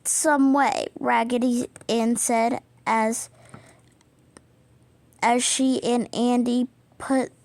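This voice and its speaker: A woman's voice: fairly high pitch, flat delivery, very slow, long pauses, darkish tone. A woman reading a children's storybook aloud, stumbling over words and apologizing often, with the hiccups. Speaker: reader.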